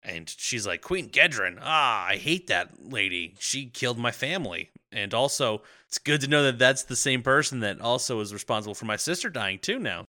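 Male podcast co-host, mid-pitched, recapping a film with wry jokes. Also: expressive, sharp tone. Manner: wry, playful, quick riffs and laughs. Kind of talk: casual movie-review chat.

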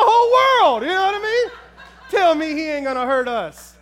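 A man preaching a sermon, telling a personal story in an animated way and talking straight to the crowd. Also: very high-pitched, moderate pace. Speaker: pastor.

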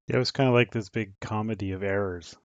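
A man's voice: on the low side, steady tone, quick pace, no echo, dull audio. A man running a casual team meeting, easygoing and brief with his questions. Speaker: meeting host.

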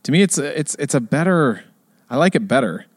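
In clean, studio-quality sound with no room tone, a middle-aged podcast co-host chats casually and animatedly. His voice is slightly rough and fairly quick, and he performs other people's lines in a higher pitch.

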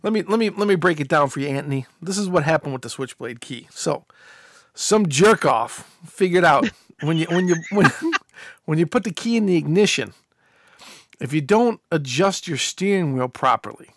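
Joking car podcast host, slightly high. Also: male voice, animated, fairly bright tone, dry recording, clean studio sound. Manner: joking, quick to laugh, explaining. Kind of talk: casual chat.

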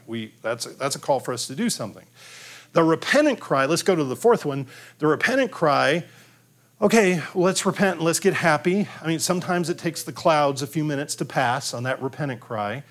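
A man's voice: medium pitch, fairly bright tone. A man preaching a conversational sermon on raising children, often restarting his sentences and acting out the cries of children. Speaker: pastor.

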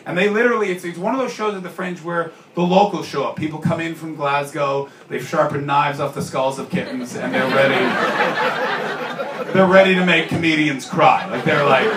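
A man from Canada performing a stand-up comedy set, telling a story and acting out the people in it with sudden shouted lines. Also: on the high side, brisk, noisy background. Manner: storytelling, acts out characters with shouted bits. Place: comedy club stage with audience. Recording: roomy live club sound from far off.

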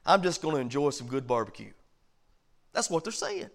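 A man, a pastor, teaching a Bible study in a conversational preaching style that rises loud and drops soft. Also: medium pitch, animated, brisk. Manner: conversational preaching with big swings in loudness. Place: church.

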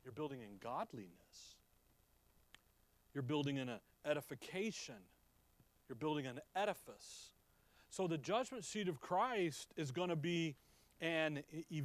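A man preaching a verse-by-verse sermon, his voice sitting a bit high for a man. He keeps asking the listeners questions and checking they are with him. The recording is dry with almost no room sound. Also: animated, unhurried, dry recording. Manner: rising to emphatic peaks, dropping low for asides; asks the audience questions and checks they follow. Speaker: pastor. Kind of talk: Bible teaching sermon.

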